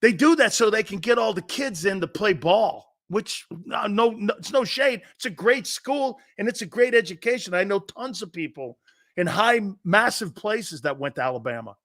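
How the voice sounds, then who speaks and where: Sports talk host, middle-aged man: bright, high voice, animated storyteller who laughs a lot. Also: moderate pace. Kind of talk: casual sports talk show.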